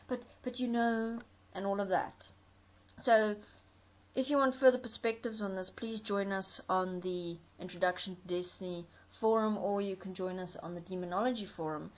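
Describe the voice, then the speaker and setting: A woman speaks in an earnest, explanatory tone, stacking her points into rhythmic lists. Her voice sits at a middle pitch for a woman. The recording sounds dull and lo-fi. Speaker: commentator. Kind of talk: spoken commentary.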